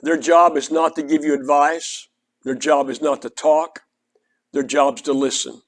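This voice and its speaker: A man's voice: on the high side, level tone, measured pace. An older man with an Oklahoma Southern accent, preaching an earnest, conversational sermon that is built around a personal story. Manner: earnest, conversational, quotes others in dialogue.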